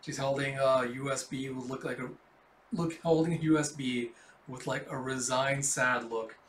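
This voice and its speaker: A man's voice: mid-range voice, fairly even intonation, moderate pace, a little hiss or hum. A man casually reading a comic book aloud, with swearing and laughing asides. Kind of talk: casual comic readthrough narration. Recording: roomy echo.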